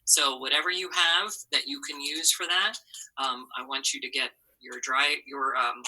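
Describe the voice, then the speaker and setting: A woman's voice: a bass voice, steady tone, normal speed, sharp tone, rough recording. A woman teacher giving a patient, step-by-step phonics lesson, modeling sounds for students to repeat.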